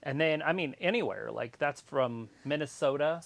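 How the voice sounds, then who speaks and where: A man's voice: a little high, expressive, normal speed, creaky. A man co-hosting a livestream, talking casually, rambling and swearing now and then. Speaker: co-host.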